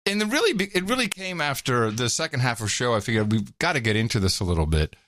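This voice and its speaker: A man hosting a podcast, chatting casually and reading listener notes aloud in an animated way. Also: medium pitch, quick pace, no echo. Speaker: podcast host. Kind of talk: casual chat.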